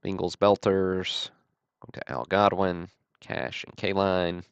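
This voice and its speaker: A man hosting a livestream, calling out trading cards one after another in a steady, matter-of-fact way with dry self-deprecating asides. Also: low voice, slow pace, gravelly, smooth, dry recording, muffled recording. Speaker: host of a card-break livestream.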